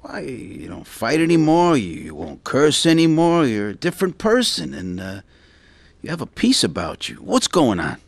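A man playing a plain-spoken older father, asking his son slow, searching questions in a husky voice. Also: fairly high pitch, sing-song, dry recording, heavily acted. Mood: puzzled.

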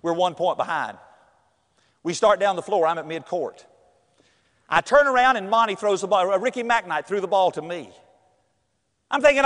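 A middle-aged man, telling a personal story with animated acted-out voices and shouts. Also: high-pitched, moderate pace, long pauses, big-room sound.

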